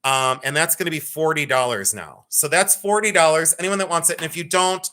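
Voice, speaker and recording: A man with a bright, slightly high voice hosts a live jewelry sale in a loose, chatty way. He jokes, teases and laughs easily. He rambles a little as he greets viewers by name. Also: a little fast. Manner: playful, joking, laughs often, teasing. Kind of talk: casual live-stream selling chat.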